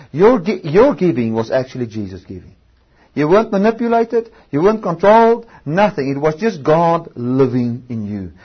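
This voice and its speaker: A man with a high, husky voice preaches a sermon, his pitch swinging widely as he stretches out key words for emphasis. He often restarts his sentences mid-thought. The recording sounds dull and lo-fi. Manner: emphatic, drawn-out stresses, frequent restarts.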